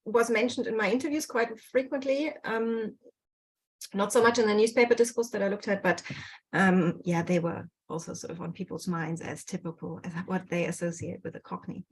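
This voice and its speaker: Over a video call, a guest researcher presents her work through a computer microphone in a low-quality recording. Her medium-pitched voice has a breathy edge, a steady tone, and a moderate pace, and she uses many fillers and restarts.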